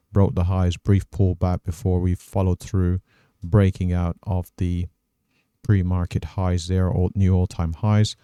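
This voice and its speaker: Low flat-voiced guy going over his trading day, smooth dark tone, dry close mic. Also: no echo. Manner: measured, methodical, thinks aloud with fillers. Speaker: trading channel host. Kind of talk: casual trading recap over screen recording.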